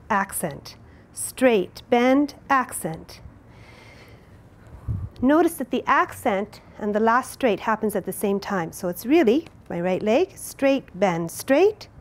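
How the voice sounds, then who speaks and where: Dance teacher woman counting out steps. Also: on the high side. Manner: clear, counting out moves while demonstrating. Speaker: dance instructor. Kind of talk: step-by-step dance lesson.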